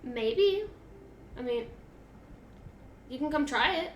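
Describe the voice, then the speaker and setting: A woman's voice: high-pitched, lively intonation, takes it slowly, echoey room, a little hiss or hum. A woman chatting casually while playing a game, thinking aloud with lots of fillers. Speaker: game co-player. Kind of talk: casual gaming chat.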